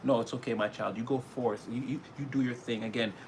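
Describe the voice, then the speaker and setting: A man voicing a gentle, protective male deity who speaks tenderly and reassuringly to his child. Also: medium pitch, fairly even intonation, fairly quick, slight background noise, voice pushed down, lightly acted.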